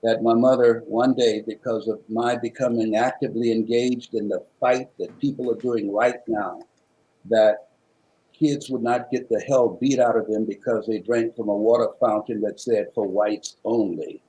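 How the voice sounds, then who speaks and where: A motivational speaker from Miami, Florida tells a personal story in a preacherly style, using rhythmic repetition and dramatic swings in loudness. His mid-range voice keeps a steady tone at a moderate pace, though the recording is rough.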